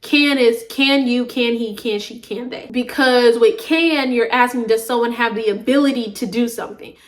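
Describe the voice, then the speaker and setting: Young Southern woman, high voice, rambling casual vlog chat, laughs a lot. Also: moderate pace. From Southern United States. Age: young adult. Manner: rambling, jumps from topic to topic, laughs often. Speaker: vlogger. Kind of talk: casual chatty monologue.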